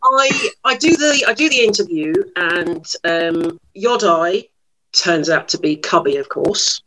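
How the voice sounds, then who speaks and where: A woman's voice: on the low side, expressive, measured pace, fairly bright tone, low-quality recording. Middle-aged lady, chatty and self-mocking, telling showbiz stories. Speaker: actress guest. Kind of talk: anecdotal interview storytelling.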